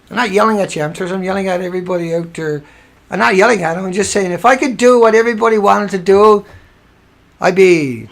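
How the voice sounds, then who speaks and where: A man's voice: high voice, fairly quick, gravelly, a bit bright. A man hosting a livestream, tired and angry, ranting sarcastically with swearing, repeating himself and restarting sentences. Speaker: livestream host.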